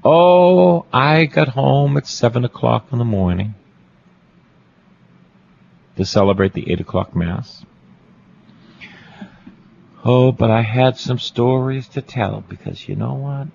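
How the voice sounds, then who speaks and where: A man's voice: mid-range voice, unhurried, gravelly, long pauses, dark tone, lo-fi sound, a little hiss or hum. A Catholic priest, a man, preaching a storytelling sermon, repeating phrases for emphasis and asking his listeners questions.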